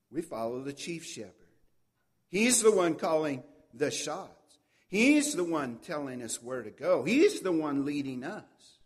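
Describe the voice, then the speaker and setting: A man preaching a sermon, reading scripture aloud with swelling emphasis and dropping to a soft, low voice between verses. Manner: swells loud on quoted verses, drops soft and low on asides.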